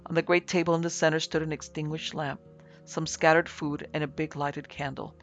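A man narrating a classic ghost story in a formal, dramatic reading, in a slightly muffled recording with soft music. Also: on the high side, level tone, fairly quick. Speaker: narrator and producer. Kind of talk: audiobook narration.

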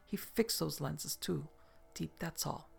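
Storybook role: narrator doing a soothing young nurse, soft and warm, gravelly edge. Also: medium pitch, slow pace, exaggerated voice. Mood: hushed.

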